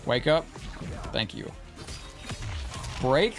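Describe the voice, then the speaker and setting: A man's voice: fairly low pitch, expressive, measured pace, fairly bright tone, faint music behind. Casual man streaming a fighting game. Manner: casual, chatty, greets viewers mid-match. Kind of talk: live gameplay commentary and chat.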